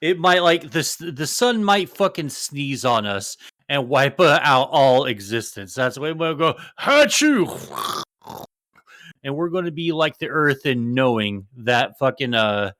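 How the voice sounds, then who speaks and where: Young male podcast co-host, smooth and clear voice, dry close sound, loose excitable banter. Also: medium pitch, unhurried, no echo. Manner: loose, excitable, swearing, trailing off mid-thought. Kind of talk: casual chat.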